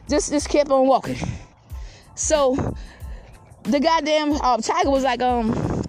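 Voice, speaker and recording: A woman's voice: high-pitched, takes it slowly, pauses often, soft background music. A woman telling a comic animal story in a rambling, profane way, with frequent asides to the listener. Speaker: podcast host.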